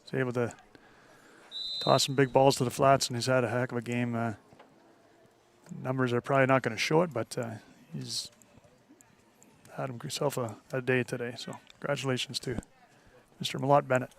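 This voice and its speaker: Laid-back Canadian colour commentator. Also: male voice, medium pitch, moderate pace, gravelly. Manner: relaxed, chatty, many fillers. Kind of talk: casual sports colour commentary.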